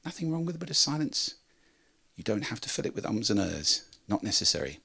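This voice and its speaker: A man presenting a talk on how to speak, demonstrating with lively changes of pitch and volume. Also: brisk, creaky, breathy edge. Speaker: speaker on voice and communication.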